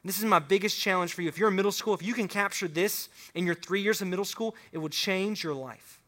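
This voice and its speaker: A man's voice: high voice, fast talker. A man giving a casual, joking sermon to students as a youth pastor. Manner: casual, joking, excitable, talks straight to the students. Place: room with a student audience.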